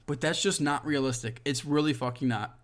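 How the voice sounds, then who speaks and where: A man hosting a show, reading online comments aloud and reacting with heated, profane ranting and sudden loud outbursts. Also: medium pitch, brisk. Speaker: podcast host.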